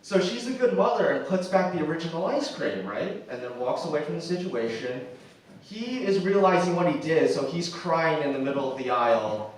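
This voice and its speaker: A man's voice: fairly high pitch, very animated, fairly quick. A young man doing a stand-up comedy set, talking casually with lots of fillers and acting out other people's lines. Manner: conversational, acts out quoted voices, frequent "like" fillers. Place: theatre stage with audience laughing. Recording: roomy echo, distant mic, faint noise.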